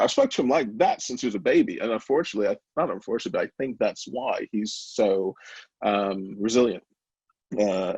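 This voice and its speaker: A man's voice: lowish voice, darkish tone, slightly rough, no room sound, lo-fi sound. A man, founder of a small company, talking candidly in an interview, open and emotional, with many fillers and restarts. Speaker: brownie company founder, guest.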